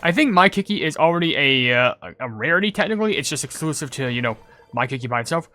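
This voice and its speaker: A man talking through a mobile game in a loose, rambling commentary style. His voice sits a bit on the higher side and is packed with "like" and "you know." He turns loud and excitable when the game surprises him. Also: fast, no echo. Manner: gets loud and excited over game pulls. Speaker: gaming YouTuber. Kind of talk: casual gaming commentary reading comments.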